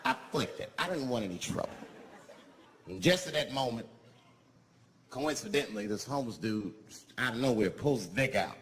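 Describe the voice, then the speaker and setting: A male stand-up comedian telling a profane, conversational story, swinging between low mutters and sudden outbursts. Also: animated, moderate pace, long pauses, a bit bright. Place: live comedy venue. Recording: live stage mic, crowd noise. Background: audience laughter and noise.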